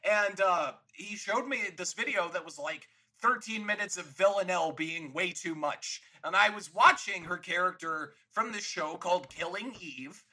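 A man's voice: high-pitched, moderate pace, hardly any pauses, pushed and bright, low-quality recording. A man co-hosting a podcast, chatting casually about a movie and laughing easily. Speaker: podcast co-host.

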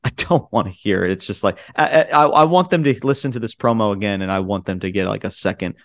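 Excitable man recapping wrestling. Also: lowish voice, fast talker. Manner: excited, profane, rambling recaps. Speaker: podcast co-host. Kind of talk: casual podcast chat.

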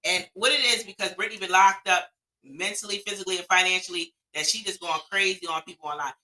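A woman's voice: lowish voice, fairly even intonation, quick pace, sharp tone, poor audio. A woman co-hosting a podcast, chatting casually and giving blunt, opinionated takes with some swearing. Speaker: podcast co-host. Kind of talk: casual chat.

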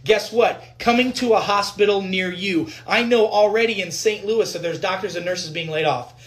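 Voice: medium pitch, moderate pace. A physician in a fired-up, profane rant at viewers about news articles, hammering points with repetition. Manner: fired up, emphatic, repetitive, swears; addresses viewers directly. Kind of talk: ranting commentary on news articles.

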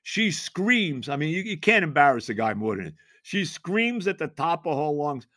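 A man in his sixties, hosting a podcast, tells a rambling, animated story in casual chat, repeating himself and laughing along the way. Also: fairly high pitch, moderate pace, hardly any pauses, no room sound, clean studio sound. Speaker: podcast host.

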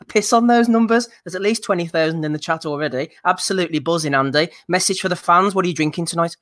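A man's voice: on the high side, quick pace, pushed and bright. A man hosting a live podcast, bantering and reading out chat comments in an upbeat, casual way. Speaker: podcast host.

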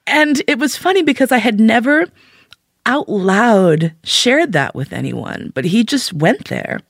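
A woman's voice: a little high, sing-song, a little slow, gravelly, no echo, studio quality. A woman telling a frank, candid personal story as a monologue, acting out her own thoughts in quoted asides.

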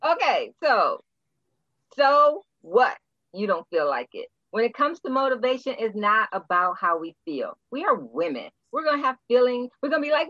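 A woman coach giving motivational advice. Her pitch swings widely as she punches out blunt, playful lines. The recording sounds dry and slightly muffled. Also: big pitch swings, normal speed, a bit bright, dry recording. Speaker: guest coach.

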